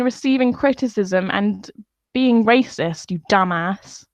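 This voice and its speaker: A woman's voice: medium pitch, a little slow, dry recording. A woman venting in a profane, scornful live-stream rant. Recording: dull lo-fi dry sound.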